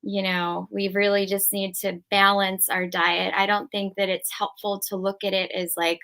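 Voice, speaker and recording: Female interview guest, middle pitch, earnest and thoughtful delivery. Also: flat delivery, normal speed, fairly bright tone. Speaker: guest speaker. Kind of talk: casual podcast interview.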